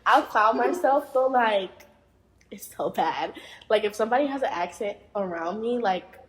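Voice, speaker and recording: A woman's voice: medium pitch, animated, normal speed. A woman guest on a podcast, chatting casually and animatedly, often laughing and mimicking voices. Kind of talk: casual chat. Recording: echoey room.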